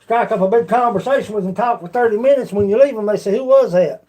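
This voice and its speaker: A man's voice: high voice, fast talker, warm tone. A man with an Appalachian accent, chatting casually with his livestream viewers in a rambling, folksy way. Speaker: livestream host.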